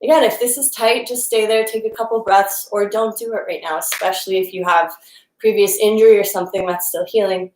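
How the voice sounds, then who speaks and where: Moving along with her live-streamed yoga class, a young instructor speaks a little fast with fairly even intonation, her mid-pitched voice a little mellow, casual and encouraging. Now and then she sounds slightly out of breath, in a noticeably echoey room.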